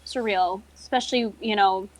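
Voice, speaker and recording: A woman co-host in an easygoing podcast conversation, mostly chiming in with agreement and short reflections. Her voice sits at an ordinary middle pitch for a woman. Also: normal speed, dry recording, rough recording. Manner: supportive, lots of short agreeing replies. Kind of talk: casual chat.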